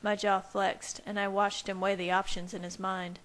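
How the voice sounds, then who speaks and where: A woman reading fanfiction aloud as first-person narration in a steady, even manner. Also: mid-range voice, normal speed, low-quality recording. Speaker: fanfiction reader. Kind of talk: audiobook-style narration.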